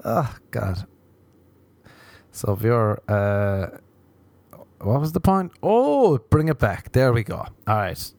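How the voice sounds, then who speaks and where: An Irish man giving a crude, rambling comedic monologue with animated asides. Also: medium pitch, slow pace, no echo. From Ireland.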